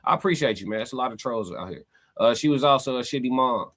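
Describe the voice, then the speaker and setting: Animated man arguing with his livestream chat. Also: medium pitch, fast talker. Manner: animated, emphatic, slangy, argues with chat. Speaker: podcast host reading live chat. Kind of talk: casual livestream commentary.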